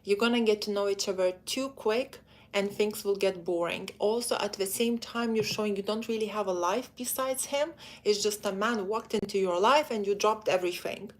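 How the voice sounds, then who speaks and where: A woman giving dating advice in a live stream, talking straight to her female viewers in a chatty, direct way. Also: medium pitch. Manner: acts out quoted men in quick put-on voices. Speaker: dating coach.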